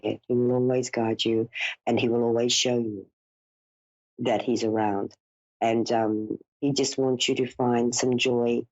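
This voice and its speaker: A psychic medium hosts a live reading, her very deep, slightly mellow voice soothing and reassuring as she calls her caller dear and darling. There's no echo, and the broadcast audio is dull and lo-fi.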